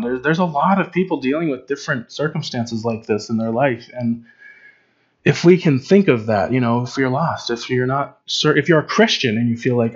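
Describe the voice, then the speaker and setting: A man's voice: mid-range voice, moderate pace, breathy edge, muffled recording. A man preaching in an informal, conversational way, with frequent fillers and restarts. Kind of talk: informal Bible teaching.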